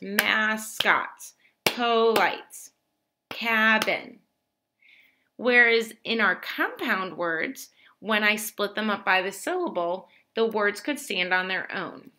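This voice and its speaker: A woman teacher giving a slow, clearly spoken lesson to young children, praising them often. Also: fairly high pitch, bright, forceful tone.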